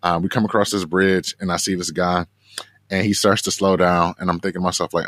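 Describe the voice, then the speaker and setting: Animated storytelling man, dry sound. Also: deep voice, brisk, dry recording. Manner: animated, filler-heavy with frequent "like". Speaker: guest, marathon runner and coach. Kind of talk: casual storytelling in an interview.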